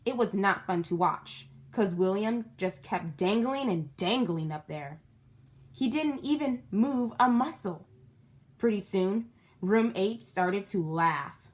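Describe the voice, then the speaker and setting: A woman's voice: medium pitch, expressive, takes it slowly. A woman reading a children's book aloud, stopping to explain words and ask her young listeners questions. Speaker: storybook reader.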